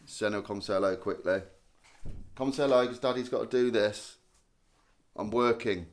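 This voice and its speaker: A man's voice: lowish voice, normal speed, pauses often, darkish tone. Chatty self-mocking man. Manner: chatty, self-mocking, reads viewer names aloud. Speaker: live stream host. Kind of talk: casual live-stream chat reading comments.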